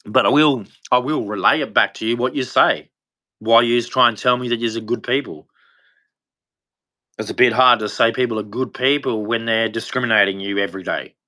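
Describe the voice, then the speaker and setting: Brief: man, livestream monologue, bright forward tone, halting, restarting, worn down. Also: mid-range voice. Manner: halting, rambling, with frequent restarts; weary and despondent. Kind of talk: unscripted personal monologue.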